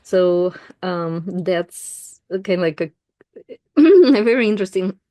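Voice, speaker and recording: Low, mellow-voiced Russian-speaking woman teaching. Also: takes it slowly, no room sound. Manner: relaxed, thinking aloud with fillers and self-corrections. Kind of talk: explaining a text while reading aloud.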